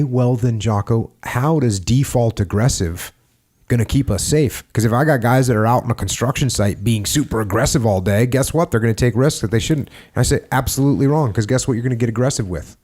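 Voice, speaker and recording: A man's voice: mid-range voice, darkish tone. A man hosting a podcast, talking in a casual, emphatic way and sometimes acting out barked orders. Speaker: podcast host. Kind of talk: casual conversation.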